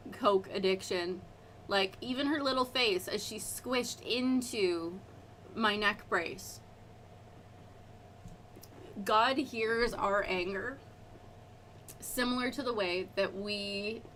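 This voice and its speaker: A woman talks through a relaxed Bible study on a live stream, rambling and chatty, at a mid pitch with a faint hiss behind her. Her talk wanders through asides and fillers as she works her way to each point.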